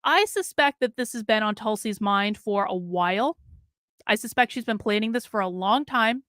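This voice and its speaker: A woman hosting a live stream, giving casual, opinionated political commentary in a fast, blunt manner. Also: mid-range voice, lively intonation, fairly bright tone, no echo, clean studio sound.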